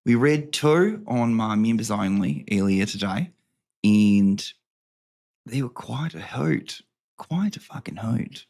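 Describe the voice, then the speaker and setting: A man's voice: lowish voice, animated, slow pace, creaky, a little mellow. A man hosting a casual home vlog, rambling and joking with plenty of swearing as he reads aloud. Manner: rambling, profane, jokey. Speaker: host. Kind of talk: casual vlog chat and reading.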